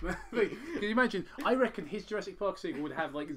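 A man's voice: sits high, expressive, quick pace, crowd noise. A man hosting a casual film commentary, sweary, rambling and sarcastic. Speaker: commentary host.

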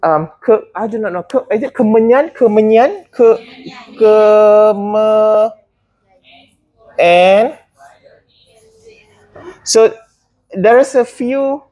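A woman's voice: fairly high pitch, animated, moderate pace, warm tone, husky. A woman teaching a botany class, often hesitating and putting questions to her students. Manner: hesitant, many fillers and restarts, asks students questions.

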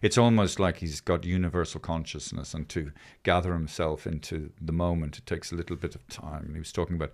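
Rambling, sweary Irish man, low voice. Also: fairly even intonation, a little fast, creaky, few pauses. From Ireland. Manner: rambling, sweary, restarts often. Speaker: podcast co-host. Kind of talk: casual podcast chat.

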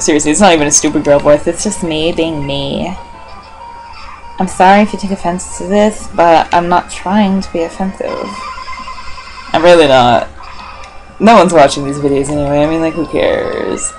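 A woman's voice: low-pitched, moderate pace, a little mellow, faint music behind, poor audio. A woman giving casual commentary as she plays a video game, rambling and swearing, talking to herself and the game characters with self-mocking asides. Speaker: let's play gamer.

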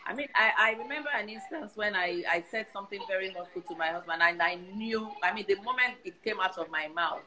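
A woman's voice: medium pitch, quick pace, few pauses, a crowd in the background, poor audio. A Nigerian woman in her sixties giving earnest advice in casual conversation, often repeating herself for emphasis. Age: 60s. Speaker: guest.

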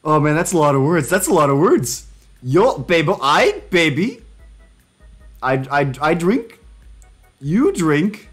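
Animated young man streaming with jokey banter. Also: measured pace, pauses often, husky, faint music behind. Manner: jokey, excitable, laughing self-commentary with sudden pitch jumps. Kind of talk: casual live-stream chat while doing language drills.

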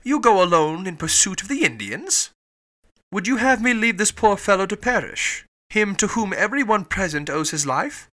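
A man doing an agitated, excitable detective. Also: high voice, fast talker, few pauses, pitched above the performer's own voice. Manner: urgent, raised exclamations. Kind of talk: audiobook character voice.

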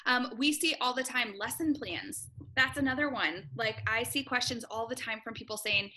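Bright, quick-talking woman, gym owner, upbeat webinar host, lots of ums. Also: fairly high pitch. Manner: excited, fast-talking, uses many ums. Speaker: gym owner and program coach. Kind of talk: casual webinar walkthrough.

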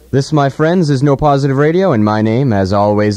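Broadcasting from a college radio studio on a studio mic, with headphones for monitoring, a young man trades casual, irreverent banter, profane and mock-grandiose, stumbling and repeating words. His mid-range voice swings widely in pitch at normal speed with few pauses, dark in tone and dryly recorded.

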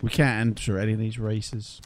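Guy doing gameplay commentary, lowish voice, chatty, moans at the game. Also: level tone, moderate pace, no echo. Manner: chatty, exasperated asides. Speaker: gaming channel host.

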